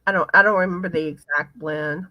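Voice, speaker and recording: A woman hosting a casual live chat, reading viewer comments aloud in an unhurried way. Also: fairly low pitch, fairly even intonation, dry recording. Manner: chatty, unhurried, pauses to read comments. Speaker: livestream host. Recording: slightly muffled, dry sound.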